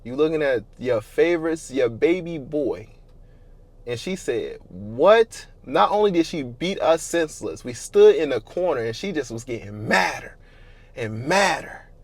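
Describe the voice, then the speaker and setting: A man's voice: medium pitch, lively intonation, normal speed, dry recording. A young man telling a painful childhood story to his viewers in a casual, slangy, candid way, swearing often and growing heated. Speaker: storyteller vlogger.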